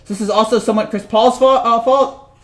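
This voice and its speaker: Male sports vlogger with a high voice, rambling and jokey, casual rant. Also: fairly even intonation, brisk. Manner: rambling, joking, repeats himself.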